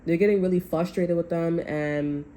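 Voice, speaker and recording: Woman tarot reader, casual monologue, foul-mouthed and rambling, mellow tone, faint hiss behind. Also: on the low side, fairly even intonation, moderate pace. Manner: blunt, profane, rambling.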